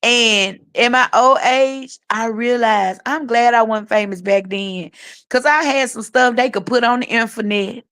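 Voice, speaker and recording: A woman's voice: a little high, unhurried, fairly bright tone, smooth. A middle-aged woman co-hosting a casual podcast about faith, speaking frankly in a testifying, storytelling way. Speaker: podcast co-host.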